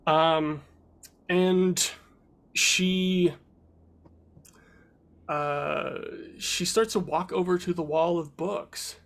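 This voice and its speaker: A man with a somewhat high voice narrates a fantasy tabletop game as its game master. His delivery is loose and casual, full of fillers and restarts. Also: fairly even intonation, drawn-out words, gravelly, pauses often.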